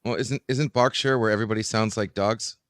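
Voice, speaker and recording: Bright-voiced man, joking and teasing. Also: on the low side, steady tone, fairly quick, no room sound, studio quality. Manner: joking, teasing, bursts of exaggerated outrage. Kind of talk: casual group chat.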